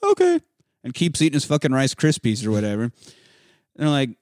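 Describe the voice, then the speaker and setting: A man casually recapping a movie with a co-host, profane and animated, acting out characters in sudden shouted voices. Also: medium pitch, fast, dry recording, studio quality. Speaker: podcast co-host.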